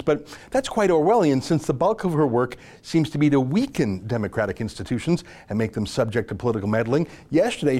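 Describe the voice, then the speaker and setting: A man delivers opinionated political commentary with a sarcastic, mocking edge. His voice sits a little higher than most men's. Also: a little mellow. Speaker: commentary show host.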